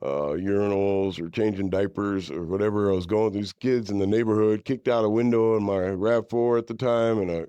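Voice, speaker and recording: Dark-voiced man, candid storyteller. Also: steady tone, normal speed, few pauses, smooth, dry recording, highs cut off. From East Bay, California. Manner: candid storyteller, drops into higher-pitched impressions of others. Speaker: podcast guest, author. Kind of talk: conversational interview. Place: podcast studio.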